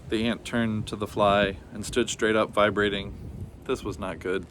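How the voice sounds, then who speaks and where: A man's voice: on the low side, normal speed, slight background noise. Man reading a children's story. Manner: even, plain narrating voice between characters. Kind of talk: children's storybook read-aloud.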